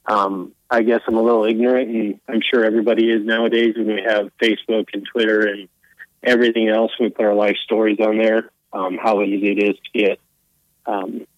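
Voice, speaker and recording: A man, a guest on a morning radio show, talking hesitantly with many pauses and fillers. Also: on the low side, little pitch movement, dry recording, muffled recording. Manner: hesitant, lots of ums. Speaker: guest caller. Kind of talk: phone-in interview.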